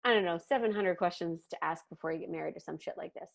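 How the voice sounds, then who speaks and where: Animated woman from Canada telling stories. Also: fairly low pitch, quick pace, gravelly. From Ontario, Canada. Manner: animated storyteller who acts out quotes, swears casually. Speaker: podcast guest. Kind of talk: casual chat.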